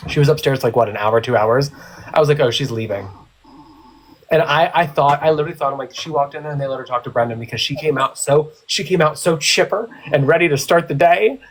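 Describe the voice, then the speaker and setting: A young man hosts a casual online live chat, spilling long stories in a rambling, teasing way. His voice sits a bit high for a man. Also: quick pace, rough recording. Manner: chatty storyteller, teasing. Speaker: live stream host.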